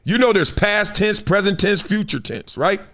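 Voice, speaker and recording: A middle-aged man from Compton, hosting an animated live-stream sports talk show and acting out quoted voices with frequent laughs. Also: sits high, moderate pace. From Compton, Los Angeles.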